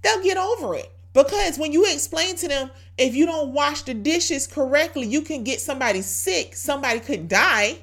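A woman's voice: sits high, lively intonation, moderate pace, hardly any pauses, fairly bright tone. A woman hosting a devotional podcast, exhorting listeners in a conversational, preachy way, with rhetorical questions and repeated key phrases. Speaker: podcast host.

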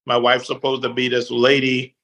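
A man's voice: mid-range voice, moderate pace. A man chatting casually as a podcast guest, acting out quoted lines with lots of energy. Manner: animated, acts out quotes. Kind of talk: casual chat.

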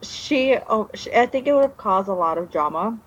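A woman's voice: medium pitch, expressive, moderate pace, husky. A woman guest telling her personal story in a casual interview, meandering with trailing restarts. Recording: dull lo-fi recording.

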